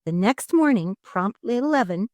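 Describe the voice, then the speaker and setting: A woman reading a children's storybook aloud in an expressive, dramatic narrating style. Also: mid-range voice, normal speed, no echo.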